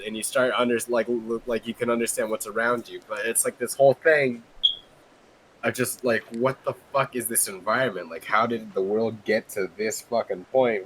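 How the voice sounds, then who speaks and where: A man chatting excitedly about games, swearing a lot and saying "like" constantly. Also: medium pitch, rough recording. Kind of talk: casual gaming chat.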